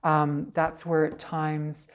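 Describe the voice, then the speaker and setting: Casting: low-pitched chatty woman, medium telling stories in an interview. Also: takes it slowly. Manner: chatty, animated, frequent okay and right tags. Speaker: psychic medium guest. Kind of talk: casual interview storytelling.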